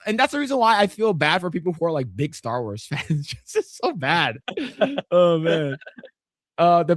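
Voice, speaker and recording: Podcast co-host, male, casual and profane, animated pitch, dry close mic. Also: no echo. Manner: profane, laughing, acts out scenes in high voices. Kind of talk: casual chat.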